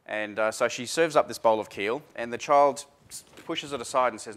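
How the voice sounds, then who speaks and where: A man presents a workshop seminar to a live audience, chatty and informal, full of fillers and restarts. He speaks in a mid-range voice at a moderate pace.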